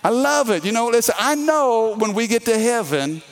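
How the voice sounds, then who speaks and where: Speaking at a moderate pace in an extremely high voice, a middle-aged Louisiana pastor with the local Southern accent delivers a forceful sermon, urging the congregation to answer him back.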